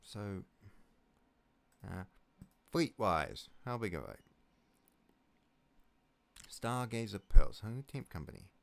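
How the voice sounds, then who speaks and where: Kiwi male gamer, unhurried, clean resonant voice, muttering play-by-play with sweary outbursts. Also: lowish voice, lively intonation, creaky. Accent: New Zealand. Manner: mutters to himself, swears loudly when things go wrong. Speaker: video game let's player. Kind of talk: casual gameplay commentary.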